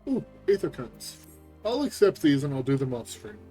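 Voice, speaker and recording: A male game streamer talking casually to his viewers, quick with a joke. His voice is mellow and warm at a middling pitch, with faint music underneath. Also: very animated. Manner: casual, joking. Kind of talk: casual live-stream commentary.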